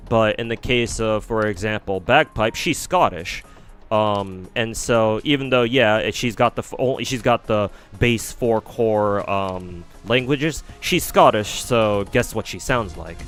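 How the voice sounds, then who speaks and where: A man's voice: on the low side, fairly bright tone. A man streaming a game, rambling through casual commentary with frequent swearing. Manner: rambling, profane.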